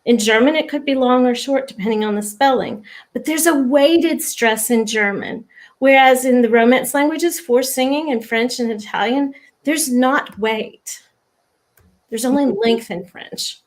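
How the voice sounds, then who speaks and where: A woman guest in an interview, patiently explaining diction and slowly demonstrating sample words. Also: sits high. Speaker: lyric diction expert, guest.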